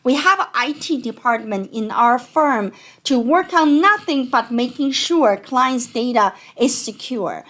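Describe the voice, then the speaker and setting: Accountant lady with a non-native accent, high voice, chatty and explaining. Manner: conversational, animated, explanatory. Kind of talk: educational talk.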